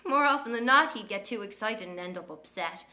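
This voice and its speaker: An actress playing a sharp-tongued, brash young Irish woman telling stories in an audio drama monologue. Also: medium pitch, a little fast. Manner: brash, scornful, lively storytelling.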